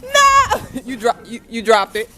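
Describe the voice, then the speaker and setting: A young mother vlogs her family out in a snowy backyard, her high, sing-song voice unhurried beneath heavy background noise. She chats casually, teasing the kids playfully and laughing often.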